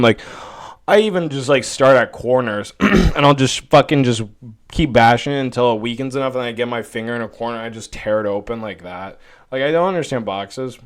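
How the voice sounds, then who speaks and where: A young man hosting a solo podcast, ranting casually with heavy swearing and rambling, exasperated asides, talking into a desk microphone. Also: mid-range voice. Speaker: podcast host.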